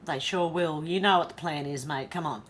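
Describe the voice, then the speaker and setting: An Australian woman hosts a live stream in a blunt, chatty way, calling out viewers by name. Her voice sits a little low. A faint rumble runs underneath. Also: moderate pace, fairly bright tone. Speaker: commentary channel host. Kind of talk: casual live-stream commentary.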